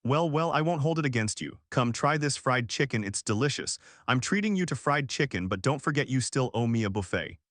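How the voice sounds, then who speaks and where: A man's voice: mid-range voice, expressive, brisk, hardly any pauses, fairly bright tone, no echo, clean studio sound, natural voice. A man reading a storybook, voicing a jealous young woman roommate who whines and pushes. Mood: reproachful. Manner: demanding, whiny, guilt-tripping.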